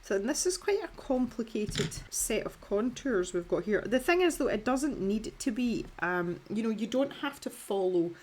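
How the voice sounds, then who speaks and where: A woman's voice: fairly high pitch, animated, moderate pace, few pauses, darkish tone, a little hiss or hum. A Scottish woman in her thirties, talking casually through a colouring tutorial in a chatty, self-deprecating way. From Scotland. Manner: chatty and self-deprecating, with filler words and restarts.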